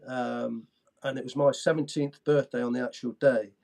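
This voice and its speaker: With a gravelly, darkish mid-range voice, steady in tone and at normal speed, a former footballer in his 60s recounts stories as an interview guest. His casual telling is eager, full of stumbles and restarts.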